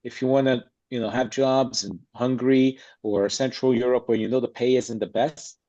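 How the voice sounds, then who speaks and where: A man's voice: mid-range voice, fairly even intonation, moderate pace, mellow. A man speaking as a podcast guest about acting, blunt and emphatic in a streetwise way. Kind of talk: casual interview chat. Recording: slightly dull lo-fi sound.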